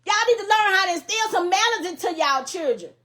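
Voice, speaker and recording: A woman's voice: extremely high pitch, lively intonation, fairly quick, pushed and bright. A middle-aged mother making an impassioned public plea, grieving and angry, speaking in emphatic, repetitive, scolding bursts. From Louisiana, US.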